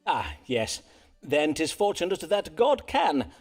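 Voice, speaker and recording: A florid Elizabethan doctor-astrologer. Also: male voice, on the high side, very animated, exaggerated voice. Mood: playful. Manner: archaic, florid phrasing with theatrical pauses. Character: Elizabethan male astrologer-physician, pompous and theatrical. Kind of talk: voiced game dialogue in Elizabethan English.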